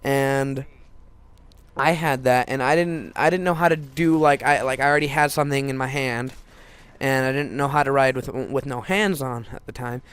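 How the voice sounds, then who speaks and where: Rambling teenage guy, smooth voice. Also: medium pitch, fairly even intonation, normal speed, a bit bright. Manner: rambling, many restarts and "like" fillers. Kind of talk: casual personal storytelling.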